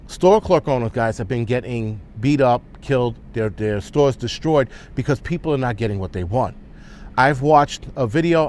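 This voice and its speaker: A man's voice: mid-range voice, a little hiss or hum. A man ranting as a vlogger, blunt and heated, swearing often. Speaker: prepper vlogger. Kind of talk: angry opinion rant.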